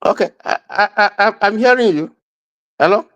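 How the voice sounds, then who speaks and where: A man's voice: sits high, normal speed, fairly bright tone, dry recording. Emphatic man in a debate. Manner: emphatic, repeats himself, interrupts. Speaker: panel guest. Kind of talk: heated debate.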